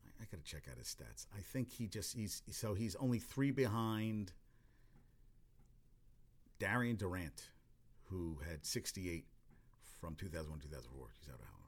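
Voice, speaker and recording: A man's voice: low-pitched, sing-song, moderate pace, long pauses, breathy edge. A man giving casual, rambling sports talk, full of cursing, restarts and exclamations.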